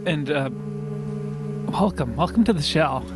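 A man makes playful prank calls on his comedy radio show, keeping a deadpan delivery throughout. His voice sits a touch high for a man. Music plays clearly behind him. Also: unhurried.

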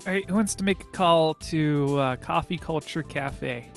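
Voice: mid-range voice, normal speed, creaky, music in the background. Laid-back live stream host. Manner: laid-back, joking, swears. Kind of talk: casual live stream hosting.

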